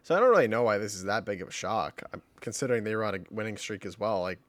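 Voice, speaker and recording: A man's voice: lowish voice, expressive, rapid-fire, fairly bright tone, dry recording. Male podcast co-host, dry close sound, hesitant casual chat that trails off.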